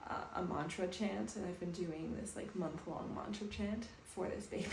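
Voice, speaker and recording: A woman in her thirties talking softly and calmly to camera in a personal home vlog. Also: lowish voice, moderate pace, gravelly. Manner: soft, calm, reflective. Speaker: vlogger. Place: bathroom at home, indoors. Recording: echoey room with faint background noise.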